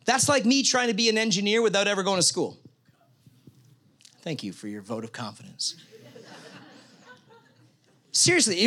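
Man, high voice, pastor, conversational sermon, casual joking asides, step-by-step explaining. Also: bright, forceful tone. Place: church.

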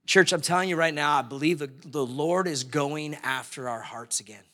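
A man's voice: a little high, normal speed, few pauses, a bit bright. A middle-aged male pastor preaching a sermon in a loose, conversational way, slipping into quoted voices as he tells stories.

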